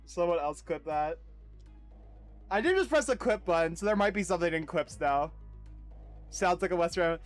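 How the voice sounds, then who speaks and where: A man's voice: sits high, animated, moderate pace, pauses often, faint music behind. A man streaming a game, chatting casually with his chat, laughing often and now and then reading game dialogue aloud at full speed.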